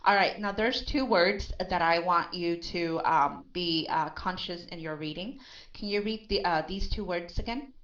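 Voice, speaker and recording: A woman's voice: fairly low pitch, moderate pace, a bit bright. A woman tutoring English pronunciation one-on-one, patiently drilling sounds and repeating words. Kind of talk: one-on-one accent coaching. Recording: dull lo-fi recording.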